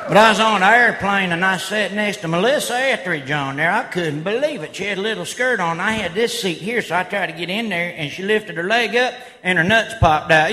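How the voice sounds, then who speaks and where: A man doing loud redneck stand-up comedy, laughing at his own jokes. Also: high voice, moderate pace. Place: live comedy stage before an audience. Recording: live show with crowd noise.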